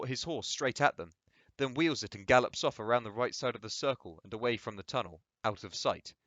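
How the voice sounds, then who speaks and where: A man reading stage directions from a play aloud, plain and steady. His voice sits at a middle pitch. The recording is dull and dry. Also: brisk, dry recording. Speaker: reader.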